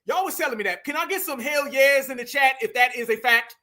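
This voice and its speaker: A man with a very high, sharp, bright voice, loud and taunting as he mocks the clips he reacts to. His delivery is slangy and scornful, pitched well above most men. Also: fairly quick. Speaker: commentary streamer. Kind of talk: mocking reaction commentary.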